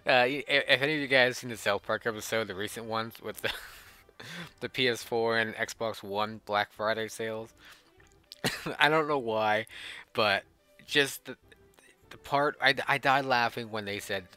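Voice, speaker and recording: Bright-voiced young man gaming, swearing. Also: mid-range voice, measured pace, clear, resonant tone, soft background music. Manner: swears freely and laughs a lot. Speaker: let's play gamer. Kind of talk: casual game commentary.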